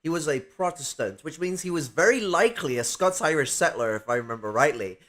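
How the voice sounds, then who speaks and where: A man's voice: on the high side, expressive, fairly quick, fairly bright tone. A man in a casual political discussion who argues his points at length and swears freely.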